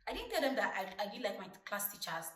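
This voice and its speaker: A young Nigerian woman in her twenties, a vlogger telling stories from her childhood in a chatty, lively way. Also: medium pitch, fast. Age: 20s. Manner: chatty, lively retelling with acted-out quotes. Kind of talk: casual storytelling to camera. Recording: roomy, distant mic.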